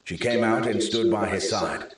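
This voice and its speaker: A man narrating a thriller audiobook in a steady, measured reading. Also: lowish voice, far from the mic, a little hiss or hum. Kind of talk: scripted narration. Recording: very echoey room.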